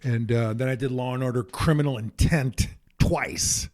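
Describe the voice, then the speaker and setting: An older man, an actor and comedian, telling casual anecdotes as a podcast guest, lively and laughing as he acts out other people. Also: mid-range voice, normal speed.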